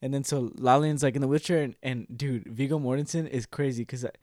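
A man's voice: medium pitch, dry recording, studio quality. A man in casual chat, animatedly retelling film scenes and acting out quotes. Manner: animated, quick to act out quotes and laugh.

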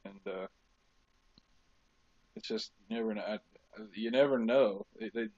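A man co-hosting a casual sports podcast, an animated storyteller who uses many fillers and restarts. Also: on the low side, measured pace, dry recording, highs cut off. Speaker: podcast co-host.

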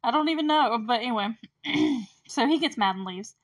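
A woman's voice: a little high, animated, moderate pace. A woman hosting a podcast, recapping an episode in a rambling way with lots of fillers and laughs. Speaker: podcast host.

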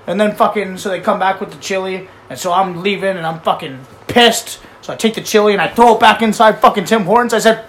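A man casually telling a profane story among friends, laughing and acting out the other voices loudly. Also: high voice, fairly quick, hardly any pauses, slight background noise. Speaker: podcast guest.

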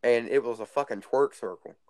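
A man's voice: medium pitch, brisk, a little mellow, no room sound, studio quality. A teenage boy telling rambling stories in casual chat, crude and swearing constantly. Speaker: guest storyteller.

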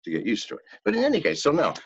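An older man telling a story as a podcast guest, in a profane, animated way. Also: on the high side, racing, husky, no room sound. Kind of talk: casual storytelling. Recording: dull, lo-fi, dry sound.

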